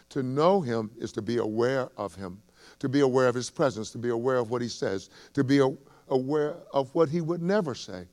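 A man preaching as pastor, repeating phrases and building to fervent, raised emphasis. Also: medium pitch. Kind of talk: sermon. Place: church sanctuary.

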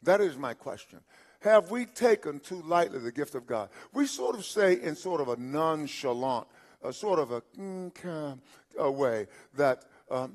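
A man in his seventies preaching a sermon as pastor, repeating phrases and asking rhetorical questions, with frequent halting restarts. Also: a little high, sing-song. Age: 70s. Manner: repetitive preaching with rhetorical questions, swelling louder at points; halting restarts and filler sounds.

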